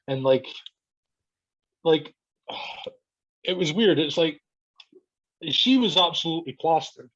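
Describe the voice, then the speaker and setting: A man's voice: fairly high pitch, animated, takes it slowly, pauses often, fairly bright tone. A man, a podcast guest telling a story in casual chat, swearing a lot, laughing and acting out what people said. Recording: dull lo-fi podcast audio.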